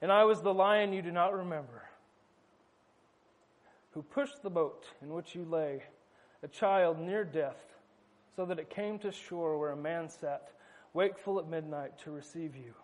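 A man voicing a wise, solemn male lion in a read-aloud story, speaking slowly and gravely in a hushed tone. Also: a little high, lightly acted.

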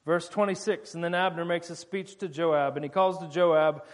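A man preaching in a casual, jokey way, retelling a scripture story with quick voiced asides. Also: sits high.

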